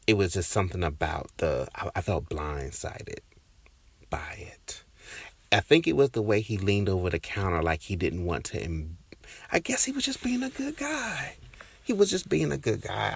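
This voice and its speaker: A man with a very deep, gravelly, husky voice muses over a personal story for his podcast. He talks in a loose, halting way, restarting his sentences and now and then sinking into a whisper. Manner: reflective, halting, with many restarts and fillers. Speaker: podcast host.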